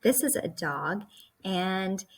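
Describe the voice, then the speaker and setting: A woman teacher leading a classroom lesson for young children, slow and patient as she explains. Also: mid-range voice, expressive, husky.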